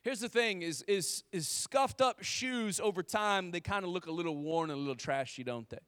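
A man in his thirties preaching with a high, bright-pitched voice. He talks to the congregation like friends, full of restarts and quick asides. The sound is dry and close to the mic. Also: smooth, no echo. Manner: energetic, conversational, frequent restarts and "like". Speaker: pastor. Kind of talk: sermon.

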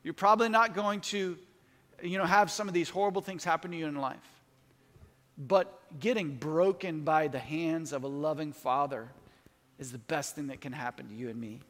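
A middle-aged pastor with a notably high voice delivers an earnest sermon, rising to emphatic peaks and slipping into spoken prayer. His words ring out with a long hall reverb in a large church. The delivery stays intent and heartfelt throughout. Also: moderate pace, fairly bright tone. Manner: earnest, building to emphatic peaks, prays aloud mid-talk.

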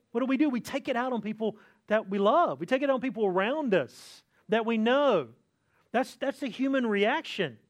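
A pastor preaching a sermon in a conversational way, often checking in with his listeners by asking "right?". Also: high-pitched. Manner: acts out complaining voices with sighs.

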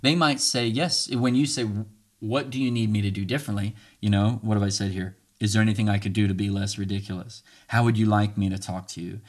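Talking fairly quickly, a man gives informal tips on navigating hard talks with a partner. Animated throughout, he switches pitch to voice each side of an argument and laughs frequently.

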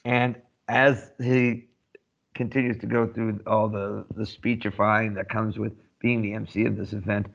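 A man, a podcast co-host and army veteran, telling dry, wry stories in casual chat with halting restarts. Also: on the low side, little pitch movement, vocal fry. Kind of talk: casual chat, anecdotal storytelling. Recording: dull, muffled lo-fi sound.

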